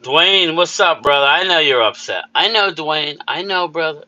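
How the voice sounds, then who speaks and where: A man's voice: a little high, expressive, moderate pace, pushed and bright, lo-fi sound. A man hosting a casual live chat, upbeat, greeting viewers by name and repeating himself. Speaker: livestream host.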